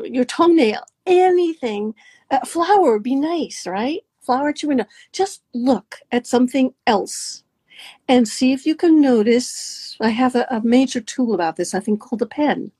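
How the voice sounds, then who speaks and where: A woman with a somewhat high, husky voice talks straight to her listeners as a coach. Her delivery is animated and conversational, and her pitch swoops up and down as she demonstrates. The sound is dry and close. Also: no echo. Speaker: dating and mindfulness coach. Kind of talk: guided coaching talk.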